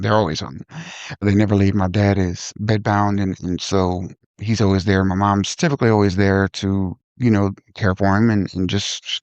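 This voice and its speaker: A man hosting a podcast, telling a personal story in a reflective, halting way with frequent restarts. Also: on the low side, vocal fry, a little mellow, dry recording, highs cut off. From Ohio. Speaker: podcast host.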